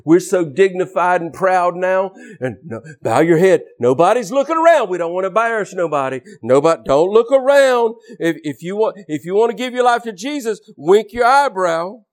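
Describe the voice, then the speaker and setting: Forceful, lively-voiced male preacher. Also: moderate pace, hardly any pauses. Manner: forceful, preachy, scolding, swings from loud to low. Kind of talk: fiery deliverance sermon.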